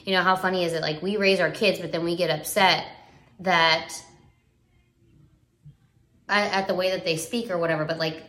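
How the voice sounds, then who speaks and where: In a roomy, echoing recording, a parenting vlogger chats live on video. She's young, with a voice on the low side and slightly bright, and she speaks earnestly but loosely, wandering through her points with fillers and false starts.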